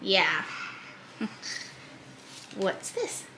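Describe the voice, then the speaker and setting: Slow-talking laid-back young woman vlogger. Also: mid-range voice, huge pitch swings, sharp tone, slight background noise. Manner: laid-back, speaks slowly and plainly to the camera. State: runny nose. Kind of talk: casual vlog chat.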